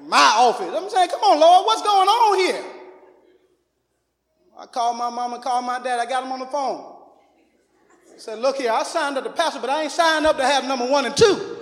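Male pastor, very high voice, preaching in a reverberant church hall. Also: lively intonation, normal speed, pauses often. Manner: preaching with shouts and laughter, calling out to the congregation. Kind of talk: sermon. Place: church sanctuary. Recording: echoey hall.

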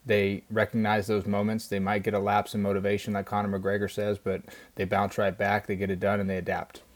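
A man co-hosting a podcast in a studio, speaking earnestly and enthusiastically in steady flowing runs. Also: on the low side, a little fast. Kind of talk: motivational podcast talk. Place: small studio.

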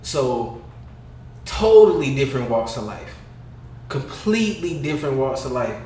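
A man talking in casual chat, loud and laughing as he teases his friend. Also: mid-range voice, sing-song, measured pace. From California. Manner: loud, laughing, mocking imitations. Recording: echoey room.

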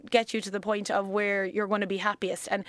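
A woman's voice: mid-range voice, level tone, brisk, fairly bright tone, no room sound. An Irish woman in her late twenties, a life coach chatting as a podcast guest, rambling and laughing often. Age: 20s. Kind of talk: casual podcast chat.

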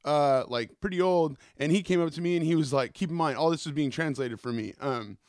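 A man's voice: fairly high pitch, brisk, darkish tone, dry recording. A man hosting a podcast, telling rambling stories in a casual, profane monologue into a close mic. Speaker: podcast host.

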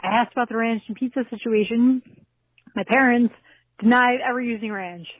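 A woman's voice: fairly high pitch, normal speed, husky, no room sound. A woman caller leaving a brash, joking, profane voice message over the phone. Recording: tinny phone line.

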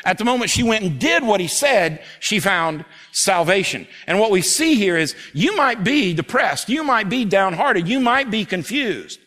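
An earnest male pastor preaching at a church service, his voice sitting a touch higher than most men's. He swings between loud, urgent stretches and slow, hushed readings of scripture. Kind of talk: sermon. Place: church service before a congregation.

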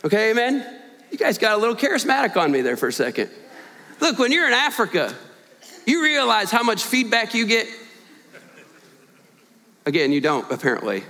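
A man as guest preacher giving an earnest, animated storytelling sermon in a church, with joking asides to the congregation. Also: high voice, in a large hall. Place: church sanctuary.

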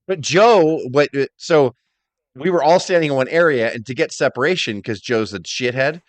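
A man co-hosting a casual chat podcast, telling a story excitedly, acting out quotes and swearing freely. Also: medium pitch, normal speed, no echo. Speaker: podcast co-host.

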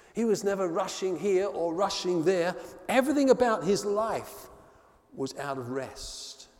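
A man preaching with a high, very animated voice that climbs and sinks as he tells the story. He falls to a hushed, low tone on the words he wants to land. The sound rings with the long reverb of a large hall. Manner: expressive storytelling, drops to soft low tones on key words. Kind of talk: sermon.

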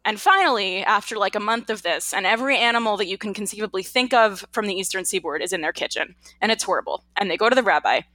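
A woman co-hosting a casual podcast, telling a folk tale in a playful, animated way. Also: medium pitch, fast, hardly any pauses, no room sound. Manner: animated, playful storytelling with put-on quotes. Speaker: podcast co-host. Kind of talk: casual chat and storytelling.

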